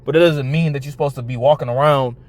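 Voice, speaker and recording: A man reacting to a video clip, quoting scripture slowly and swearing bluntly. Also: medium pitch, steady tone, a little mellow. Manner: blunt, swears freely, reads verses slowly. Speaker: commentator.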